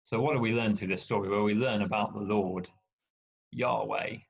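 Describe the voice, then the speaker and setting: A man's voice: fairly low pitch, fairly even intonation, moderate pace, creaky. A man preaching a sermon in a conversational storytelling way, with wry asides. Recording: dull lo-fi sound.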